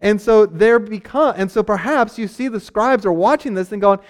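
Male preacher, high-pitched voice, chatty teaching sermon that slips into little character bits. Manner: conversational, acts out characters in quick asides; frequent fillers and restarts, laughs lightly. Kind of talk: sermon, teaching on a Bible passage.

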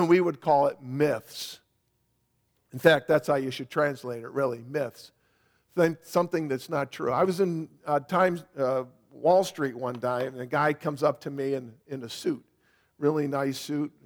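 A high-voiced man preaching a sermon over a microphone. He repeats himself for emphasis and punches key words with sudden loud stress. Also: a little slow. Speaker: pastor. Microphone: microphone on a sound system.

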